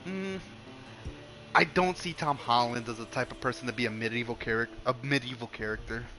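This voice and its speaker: A young male streamer with a bright, forward voice chats loosely and swears freely, restarting his sentences again and again. Faint game music plays underneath, and his pitch sits in an ordinary middle range. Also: brisk. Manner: rambling, profane, many restarts. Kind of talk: casual chat while streaming a game.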